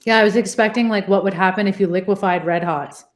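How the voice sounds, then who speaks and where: A woman joining a podcast as a guest, trading playful, quick-witted banter in casual chat. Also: medium pitch, steady tone.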